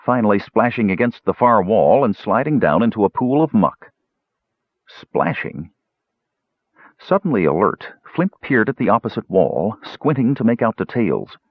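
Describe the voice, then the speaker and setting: Husky male audiobook narrator, lively expressive reading, dry close sound. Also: fairly low pitch, no echo, muffled recording.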